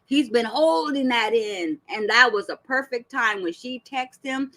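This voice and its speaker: A woman's voice: on the high side, a little slow, bright, forceful tone, low-quality recording. A woman hosting a reaction channel, giving blunt, profane, heated commentary full of rhetorical questions.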